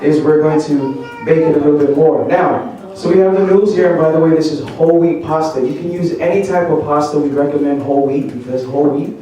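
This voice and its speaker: A fairly high, mellow man's voice, talking an audience through a recipe with jokes and quick questions. He sounds set back from the mic in a large hall with heavy echo. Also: fairly even intonation, highs cut off. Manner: chatty and joking, quizzing the audience. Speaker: cooking demonstrator. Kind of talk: live cooking demonstration. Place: large echoey church hall. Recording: very echoey hall, mic at a distance.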